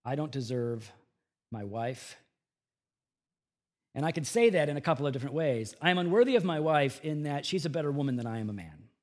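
A middle-aged man preaching a sermon as pastor of a church, shifting from hushed, earnest tones to loud, emphatic bursts. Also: medium pitch, lively intonation, fairly quick, pauses often.

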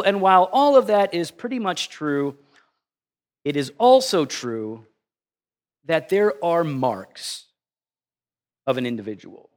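A middle-aged male pastor giving a conversational sermon, telling stories in an animated, self-deprecating way. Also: sits high, unhurried.

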